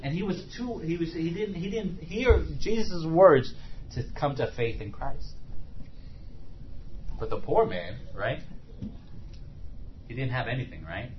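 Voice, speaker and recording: A man's voice: on the high side, animated, measured pace, long pauses, lo-fi sound, a little hiss or hum. A man preaching a sermon in a conversational way, often asking rhetorical questions.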